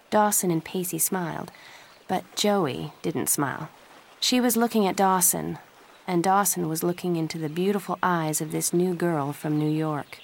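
A woman reading a story aloud, lifting her voice a little for each character's lines. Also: a little hiss or hum. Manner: reads all characters' lines with small pitch lifts. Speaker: narrator.

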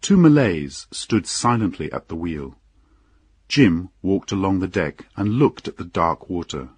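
A man narrating an audiobook story in a slow, measured storytelling manner. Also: low-pitched, expressive, breathy edge, dry recording.

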